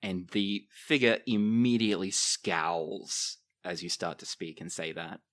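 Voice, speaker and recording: A man acting as game master, narrating a tabletop game in a descriptive, expressive way. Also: low-pitched, measured pace.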